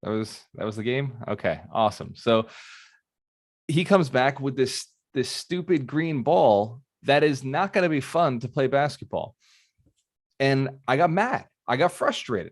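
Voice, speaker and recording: Animated male mentor quizzing his audience. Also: mid-range voice, normal speed, no room sound, clean studio sound. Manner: animated, asks the audience questions. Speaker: real estate mentor. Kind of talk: motivational talk to a live online audience.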